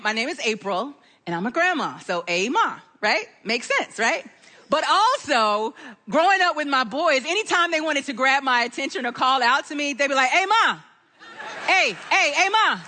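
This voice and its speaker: A middle-aged woman, a grandmother, telling an animated, bubbly story as a speaker before a live audience. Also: high voice, big-room sound.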